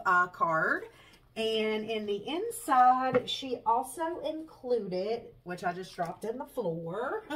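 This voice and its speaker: A woman's voice: fairly high pitch, poor audio. A woman with a Southern US accent, hosting her craft channel in casual chat. She sounds congested and nasal from a cold and rambles along with lots of fillers. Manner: chatty, warm-hearted, says y'all and um a lot.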